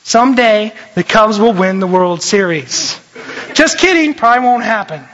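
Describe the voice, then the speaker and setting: A young man, a youth pastor, preaching a lively, jokey sermon and often shifting his voice. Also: very high-pitched, moderate pace. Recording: dull lo-fi recording.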